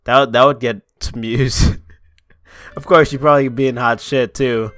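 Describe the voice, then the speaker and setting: A man's voice: medium pitch, fairly even intonation, normal speed, fairly bright tone, dry recording. A young man ranting sarcastically and profanely in a casual vlog, mocking his audience. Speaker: YouTuber.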